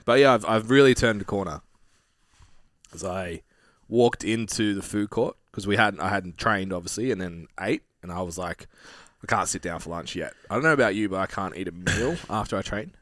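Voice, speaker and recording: Man, casual podcast banter, wry, swears, lowish voice, dead dry sound. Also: normal speed, fairly bright tone, dry recording. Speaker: podcast co-host. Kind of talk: casual chat.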